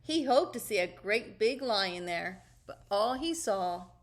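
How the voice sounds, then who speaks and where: A woman reading a children's storybook aloud in an expressive, sing-song way. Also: medium pitch, slow pace.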